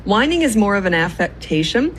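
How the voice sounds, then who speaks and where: A woman's voice: medium pitch, very animated, fairly quick, fairly bright tone, a little hiss or hum, low-quality recording. A woman with a stern, instructive manner giving parenting advice on a podcast clip.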